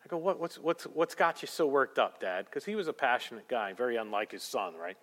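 A man preaching a sermon, moving between loud proclamation and hushed, intense passages. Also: medium pitch, lively intonation, a little fast. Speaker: pastor. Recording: long hall reverb.

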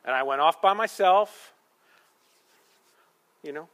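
A man preaching a sermon, telling a story with sarcastic asides and moving between loud, forceful lines and quiet ones. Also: sits high, expressive, measured pace, long pauses, slight background noise. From Michigan. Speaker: pastor.

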